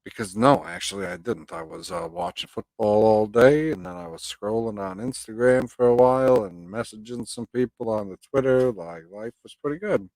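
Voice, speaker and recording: A man's voice: fairly low pitch, expressive, moderate pace, hardly any pauses, a little mellow, no room sound, rough recording. A man hosting a live stream, chatting casually with his viewers and reading their comments aloud, swearing freely and drifting into rambling rants. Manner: profane, rambling, ranting.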